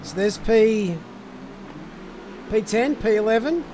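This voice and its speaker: A man's voice: high-pitched, lively intonation, takes it slowly, mellow, a little hiss or hum. A man giving casual live sim racing commentary, chatting to viewers and answering their messages.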